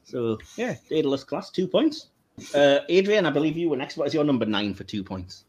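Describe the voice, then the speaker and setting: A man hosting a casual podcast, chatty and quick to laugh. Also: on the high side, a little hiss or hum. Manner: chatty, laughs often, animated. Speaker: podcast host.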